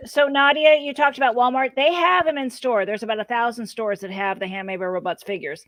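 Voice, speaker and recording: A woman's voice: fairly high pitch, brisk, a bit bright, no echo. A woman hosting a casual livestream chat, chatty and playful, thinking aloud with fillers. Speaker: host.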